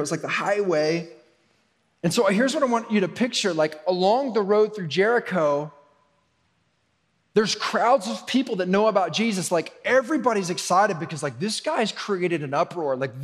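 A male pastor delivers a sermon in a casual, conversational way, dropping to quiet asides and then lifting his voice for emphasis. His voice sits a little high for a man. The sound carries a long reverb from a big church hall. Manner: conversational preaching, shifts between soft asides and raised emphasis.

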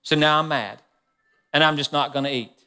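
Man doing a pouty whiny king, lower voice, echo all round. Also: fairly even intonation, normal speed, bright, forceful tone, soft background music. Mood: sulky. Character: sulking petulant king, grown man.

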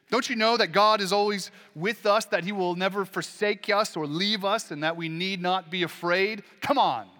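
A man preaching a Sunday sermon as a pastor, earnest, with dramatic pauses and sudden swings between loud and soft. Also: fairly high pitch, long reverb tail.

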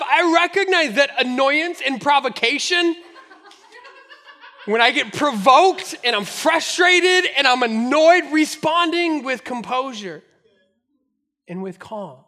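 A male pastor preaching with a very high, bright voice. He tells his stories with animated energy and laughs often as he goes. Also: takes it slowly. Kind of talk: sermon.

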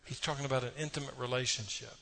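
A man's voice: mid-range voice, fairly even intonation, racing, vocal fry, bright, forceful tone. Folksy preacher man. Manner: folksy storytelling with audience asides. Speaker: pastor. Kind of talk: sermon.

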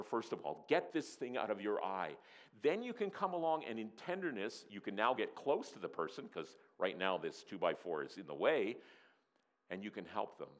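A male pastor delivering a sermon in an animated, playful way. His pitch swings widely as he acts out scenes, then drops to a soft, low, earnest tone.

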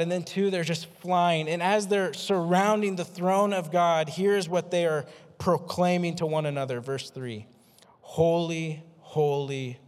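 A man preaching a sermon as a pastor, energetic and self-deprecating, repeating words for emphasis. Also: high-pitched. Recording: long hall reverb.

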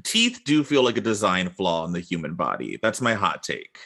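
A man riffs through casual podcast chat, tossing out jokes and goofy bits. His voice sits a little low but sounds bright and forward. He talks loosely, and his jokes tumble out fast. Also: wildly swooping pitch, gravelly, husky. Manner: joking, riffs with silly voices.

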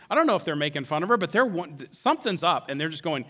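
A man preaching a sermon who acts out the characters' words in an animated way. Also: on the high side, fast, hardly any pauses. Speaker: pastor.

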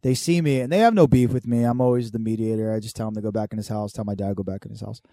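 Mellow-voiced man telling crude stories. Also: fairly low pitch, no room sound, studio quality. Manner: swearing freely, laughing, quick tangents. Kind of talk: casual storytelling chat.

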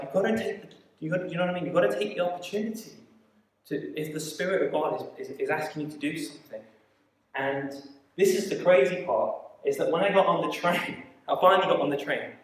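A man preaching a sermon, telling a story in an animated way with quick asides and acted-out quoted voices. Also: fairly high pitch. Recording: echoey hall, mic at a distance.

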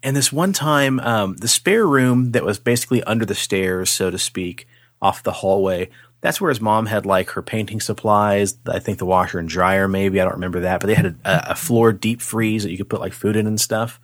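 A man co-hosting a podcast, telling a spooky story in a casual, animated way, swearing freely and acting out the voices. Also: on the low side, normal speed, no room sound, clean studio sound.

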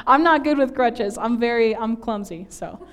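A woman's voice: on the high side, moderate pace. A woman from northern Minnesota preaching a sermon in a church, chatty and self-deprecating, laughing often at herself.

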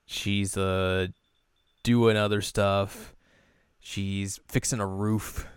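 A man casually recapping an anime episode, acting out the characters' lines in high squeaky voices. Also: level tone, extremely slow, smooth, no room sound, studio quality. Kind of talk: casual reaction chat.

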